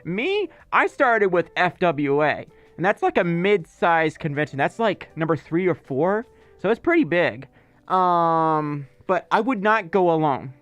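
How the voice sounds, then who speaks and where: With a sing-song lilt, this man's slightly high, fairly bright voice moves unhurriedly over faint background music in a dry recording. He hosts a casual livestream, chatting loosely, reading messages from viewers, and rambling with lots of filler words and asides.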